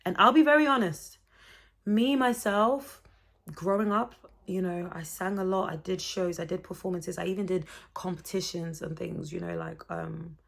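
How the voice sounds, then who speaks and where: A young woman vlogging with a low, gravelly voice full of vocal fry. She chats expressively and gives faith-based encouragement. She speaks directly to her viewers in a casual motivational talk. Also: fairly even intonation, normal speed, fairly bright tone.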